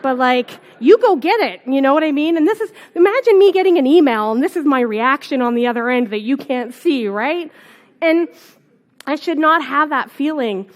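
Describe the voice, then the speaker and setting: A young woman from Canada gives a conference talk while fighting a cold. Her voice sits high, and she rambles casually with plenty of ums and asides. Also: moderate pace. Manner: casual, rambling storytelling with fillers. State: has a cold, on cold medicine. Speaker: conference speaker. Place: conference hall.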